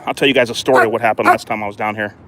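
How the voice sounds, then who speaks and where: A man's voice: steady tone, racing, fairly bright tone, a little hiss or hum. A man talking casually and rambling while he plays with his dog outdoors by a fenced court, filmed on a handheld phone. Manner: chatty and rambling, lifts his voice high for dog praise. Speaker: dog owner vlogger.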